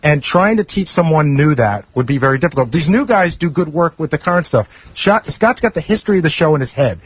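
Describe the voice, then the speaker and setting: A man's voice: fairly high pitch, animated, husky. A man speaking earnestly on a radio talk show, a producer defending his view. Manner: earnest, rapid. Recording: dull lo-fi radio broadcast.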